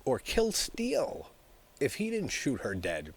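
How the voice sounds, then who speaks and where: A man's voice: mid-range voice, huge pitch swings, measured pace, breathy edge. A man talking casually and rambling as he discusses a horror film, with many filler words and frequent chuckles. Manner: rambling, heavy use of "like", chuckles often. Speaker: horror movie reviewer.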